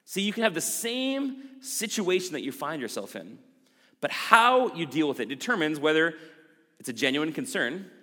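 A man's voice: medium pitch, a bit bright. Guy pastor preaching, earnest and chatty, big echoey church hall. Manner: earnest, conversational preaching with emphatic quotes. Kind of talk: sermon.

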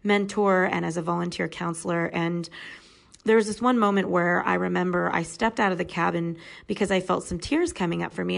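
A woman in her thirties with a lowish voice and a gravelly, fry-edged texture. She is a podcast guest sharing a personal story, frank and earnest in how she tells it. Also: rough recording. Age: 30s.

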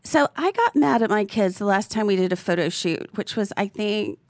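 Chatty woman co-host with a gravelly edge, laughing through her stories. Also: medium pitch, animated, moderate pace, no echo, studio quality. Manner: chatty, laughs often while telling stories. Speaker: podcast co-host. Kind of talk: casual chat.

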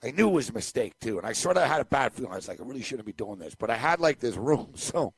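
A podcast co-host, male, telling a rambling story with lots of asides and chuckles. His voice sits mid-pitch and is recorded close and dry in a studio. He is relaxed and conversational. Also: fast talker, gravelly, breathy edge, dry recording. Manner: rambling, animated anecdote telling with laughs. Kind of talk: casual storytelling chat.

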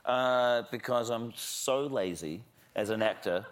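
A man's voice: mid-range voice, takes it slowly. A man with a New Zealand accent, a film director guest on a late-night talk show, talking in a laid-back, jokey way with frequent chuckles.

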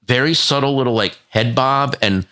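Bright-voiced man telling stories. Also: mid-range voice, normal speed, clean tone. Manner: animated storyteller, stumbling restarts. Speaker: podcast co-host. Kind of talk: casual chat.

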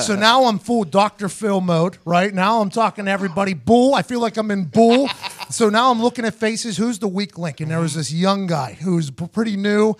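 High-voiced animated man telling a story. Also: brisk. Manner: animated, profane, acts out both sides of conversations. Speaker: podcast host. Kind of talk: casual storytelling chat.

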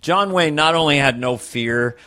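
A middle-aged man, a comedian, chatting casually as a guest and joking in an animated way. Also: fairly high pitch, unhurried. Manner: animated, jokey, trails off. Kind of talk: casual chat.

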